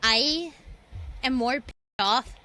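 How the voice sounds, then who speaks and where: A young adult woman streaming games, chatting and joking, and bursting into loud screams and curses. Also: sits high, slow pace, a little hiss or hum. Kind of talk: livestream gaming commentary.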